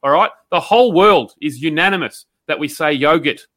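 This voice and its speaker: A man's voice: a little high, animated, a little fast, fairly bright tone. An Australian man co-hosting a podcast, delivering a blunt, sweary, mock-outraged rant. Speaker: podcast co-host. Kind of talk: ranting comedy segment.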